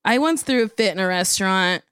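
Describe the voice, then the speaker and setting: Casual podcast guest: woman in her thirties, smooth clear voice, mid pitch, lively story delivery, dry close mic. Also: a little fast, no room sound. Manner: animated, acts out quotes in a higher voice. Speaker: comedian guest.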